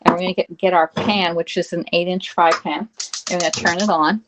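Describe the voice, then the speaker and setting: A woman's voice: on the low side, steady tone, fairly quick, noisy background. Chatty woman hosting a live cooking stream. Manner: chatty, greets viewers by name, says "y'all" and "all right?". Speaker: livestream cooking host. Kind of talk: casual live cooking demo. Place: home kitchen.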